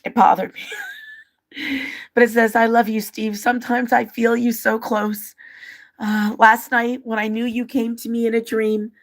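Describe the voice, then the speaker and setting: A woman's voice: fairly high pitch, level tone, normal speed. A woman hosting a livestream, reading out viewer comments and her own personal letters in an open, emotional way. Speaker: livestream host.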